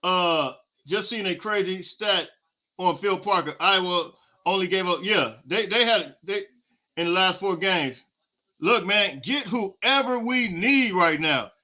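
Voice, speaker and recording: Podcast host, male, high-pitched and piercingly bright, ranting in casual slang. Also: measured pace. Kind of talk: live halftime reaction with viewer comments.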